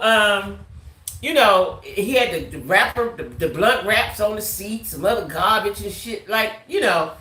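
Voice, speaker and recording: A woman vlogger telling a casual storytime tale, animated, ending her lines with "right?". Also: medium pitch, roomy sound.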